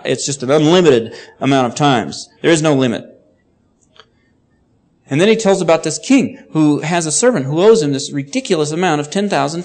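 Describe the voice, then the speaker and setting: A man preaching, explaining a passage of scripture and reading it aloud with rising emphasis. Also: fairly high pitch. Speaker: pastor. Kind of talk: sermon.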